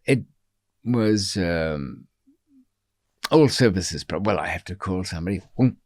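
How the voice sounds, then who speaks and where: A man's voice: sits low, animated, a little slow, darkish tone, no room sound. A man who is a podcast guest, telling a long story in an interview in a rambling, digressive way, with many ums and wry asides.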